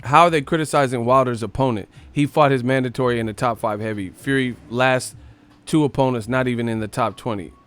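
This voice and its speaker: A man's voice: medium pitch, fairly quick, smooth. A man hosting a live stream, ranting casually about boxing with a lot of swearing. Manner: profane, ranting, animated.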